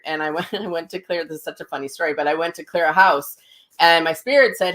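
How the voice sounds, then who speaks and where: Chatty middle-aged woman, slightly low voice. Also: lively intonation, a little fast, fairly bright tone. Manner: chatty storytelling with many fillers and restarts. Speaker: psychic medium host. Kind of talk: casual livestream talk.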